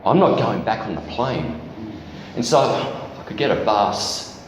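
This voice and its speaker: A man with a lowish, expressive voice speaks a little slowly while giving a candid testimony as guest preacher at a church. He tells a personal story and pokes fun at himself, recorded in an echoey church hall with slight background noise.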